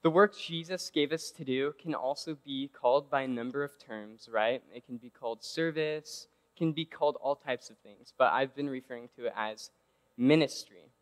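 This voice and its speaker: A preacher delivers a casual, conversational sermon, repeatedly checking in with listeners by asking "right?" He speaks at a moderate pace in a mid-range voice, and the recording carries the long reverb of a large hall.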